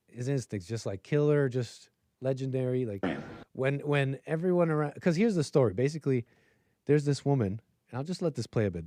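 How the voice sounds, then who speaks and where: A man's medium-pitched, dark-toned voice carries casual livestream commentary, his opinions delivered in a rambling way full of filler. It's clean studio sound with no room noise.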